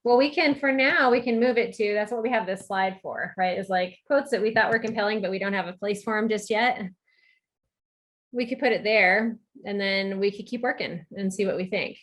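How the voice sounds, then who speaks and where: A woman's voice: mid-range voice, normal speed, fairly bright tone. A woman leading a video-call work meeting, guiding the group and asking what they think, with many filler ums. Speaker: meeting facilitator. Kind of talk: online group meeting discussion.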